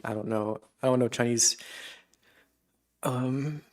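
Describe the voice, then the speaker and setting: A man's voice: medium pitch, slow pace, a little mellow. A man on a live stream reacting casually to a video and memes, musing aloud and chuckling as he talks to himself.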